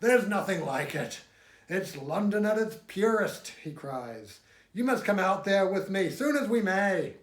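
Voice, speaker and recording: A man's voice: on the high side, expressive, measured pace. A man doing an earnest, odd English astronomer. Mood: eager. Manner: earnest and insistent. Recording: echoey room.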